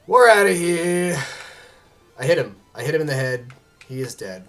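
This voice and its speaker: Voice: mid-range voice, animated, moderate pace, fairly bright tone, faint music behind. A gamer giving casual commentary while playing, muttering encouragement to themselves and joking with chat. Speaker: let's play gamer.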